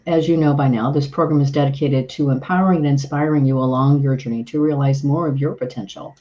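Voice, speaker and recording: Earnest woman podcast host, mellow tone. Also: low voice, muffled recording. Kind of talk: podcast segment introduction.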